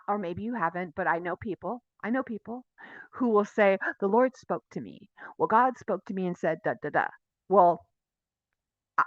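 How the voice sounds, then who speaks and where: A woman teaching a Torah portion in a casual, animated way, acting out dialogue and asking her listeners questions. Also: a little high, no echo. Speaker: Bible teacher. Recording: dry, dull lo-fi sound.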